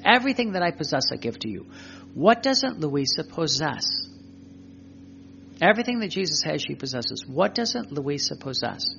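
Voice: mid-range voice, creaky, fairly bright tone, highs cut off, slight background noise. A preacher giving emphatic spoken religious teaching, repeating phrases and asking rhetorical questions.

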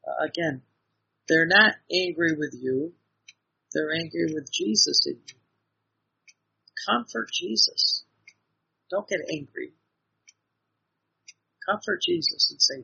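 A man's voice: a little high, a little slow, creaky, pauses often, bright, forceful tone, husky. A man giving an earnest devotional sermon, exhorting his listeners with repeated phrases and frequent restarts, heard on a dull lo-fi recording. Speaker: preacher.

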